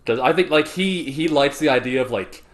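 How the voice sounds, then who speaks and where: A man's voice: medium pitch, normal speed. A man co-hosting a podcast, joking in casual chat, with a slight cough. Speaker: podcast co-host.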